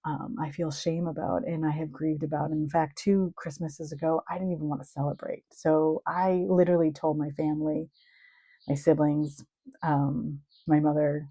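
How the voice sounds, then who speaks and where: A woman's voice: deep voice, little pitch movement, moderate pace, dark tone, husky, no echo, rough recording. A middle-aged woman, a marriage and family therapist, talking candidly and reflectively about her own experiences. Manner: reflective, earnest, openly sharing. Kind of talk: candid personal talk.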